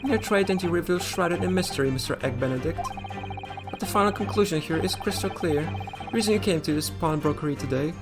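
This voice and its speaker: A man's voice: a little high, fast, pitched above the performer's own voice, natural voice. Casting: man doing a suave French-accented villain, cool and threatening. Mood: menacing. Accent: put-on French. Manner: smooth, theatrical, threatening. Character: menacing gun-toting male villain with a French air. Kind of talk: voicing game dialogue on a stream. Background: game music.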